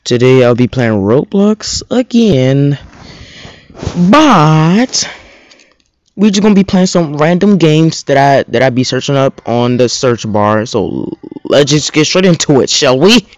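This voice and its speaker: A young man giving casual, excitable gameplay commentary as a gaming video host, trash-talking other players in slang. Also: mid-range voice, a little slow, no room sound, muffled recording. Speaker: gaming YouTuber. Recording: loud game music behind. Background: loud game music.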